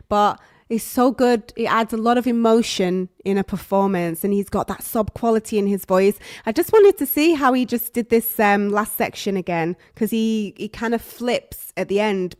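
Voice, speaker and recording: A woman vocal coach reacting live on stream, soft-spoken and admiring, thinking aloud with fillers. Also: medium pitch, dry recording. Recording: dry close mic with faint music behind.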